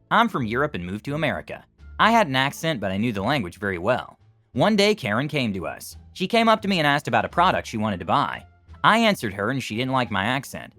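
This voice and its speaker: A man's voice: medium pitch, a bit bright, dry recording. A man reading reader-submitted stories aloud as scripted narration.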